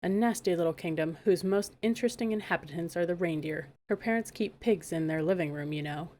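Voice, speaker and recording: A woman's voice: on the low side, a little fast, dark tone, a little hiss or hum, lightly acted. A woman reading aloud, voicing a haughty, condescending queen mother in a storybook. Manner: condescending, purring.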